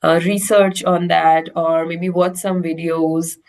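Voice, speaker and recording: A woman's voice: on the low side, level tone, slow pace, darkish tone. A woman with an Indian accent coaching a learner in casual English conversation. She is encouraging and often checks in with "right?".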